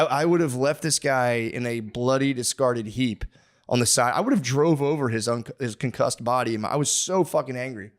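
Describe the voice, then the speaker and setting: A man hosting a comedy podcast, telling a long profane story as a rambling, mock-aggressive rant full of restarts and asides. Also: mid-range voice. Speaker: podcast host. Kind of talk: comedic ranting monologue.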